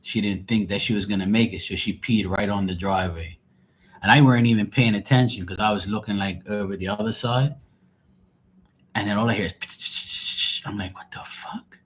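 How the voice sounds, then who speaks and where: Deep-voiced male streamer, rambling, exasperated, foul-mouthed, faint hiss behind. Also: steady tone, moderate pace. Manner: rambling, exasperated, swears freely. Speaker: live tarot reader. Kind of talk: casual live-stream chat.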